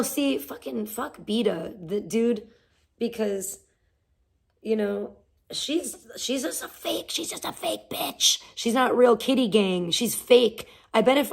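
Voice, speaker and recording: A woman hosting a livestream, venting casually with profane, sarcastic rants and talking to her chat. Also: medium pitch. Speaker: livestream host.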